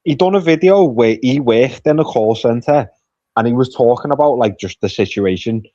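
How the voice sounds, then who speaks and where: A man's voice: mid-range voice, lively intonation, moderate pace, warm tone, no room sound. Blunt, swearing man on dull call audio. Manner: blunt banter, swears freely. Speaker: podcast guest. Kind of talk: casual podcast chat.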